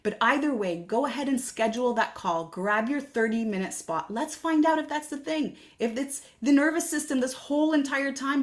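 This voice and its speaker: A woman with a fairly high voice hosts a solo podcast. She speaks earnestly, like a coach, and keeps asking listeners reflective questions.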